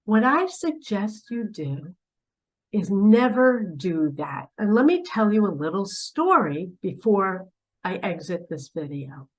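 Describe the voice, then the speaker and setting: Dramatic, slow-talking woman spiritual teacher. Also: mid-range voice, sing-song, low-quality recording. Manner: dramatic, swinging from loud urging to hushed asides; preachy, asks the listener pointed questions. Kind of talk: direct-to-camera spiritual talk.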